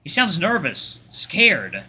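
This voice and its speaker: A man reading a visual novel aloud in expressive first-person narration, stumbling now and then. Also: on the high side, slow, breathy edge. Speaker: let's play host.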